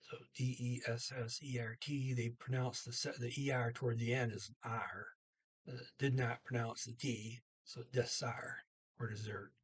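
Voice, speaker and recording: A man's voice: mid-range voice, flat delivery, moderate pace, husky. A man teaching a language lesson, thinking aloud with many fillers and restarts, speaking.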